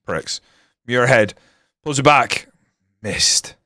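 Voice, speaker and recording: A man commentating his football management game on a live stream, swearing and ranting, then breaking into excited match commentary. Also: mid-range voice, drawn-out words, no echo, studio quality.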